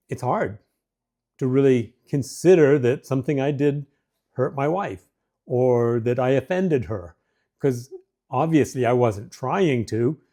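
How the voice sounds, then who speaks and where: A man's voice: mid-range voice, warm tone. Earnest man hosting marriage advice. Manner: earnest, folksy, self-deprecating, with restarts and acted-out quotes. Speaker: host of a marriage advice show. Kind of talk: casual talking-to-camera advice.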